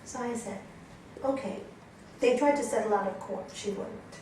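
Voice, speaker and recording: This yoga instructor lectures her trainees at a moderate pace in a medium-pitched voice, livening things up with stories and questions to the group. The recording picks her up from afar in a reverberant room, with a little noise underneath.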